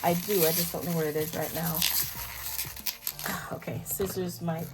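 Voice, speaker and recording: A woman with a lowish voice talks through her planner setup in a loose, rambling way, filling gaps with ums. She sometimes leans away from the mic while she searches her desk, and faint music plays behind her. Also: fairly even intonation, a little slow. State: yawning, tired. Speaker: planner video host. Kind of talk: casual talk while crafting.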